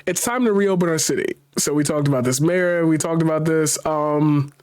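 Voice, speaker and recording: A man with a high voice does reaction commentary on a news story. He races through the quoted lines. Then he rants slowly and loudly, swears, and repeats the same phrases over and over. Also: clean tone. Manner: rapid when reading, slow and emphatic when ranting. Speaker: commentary streamer.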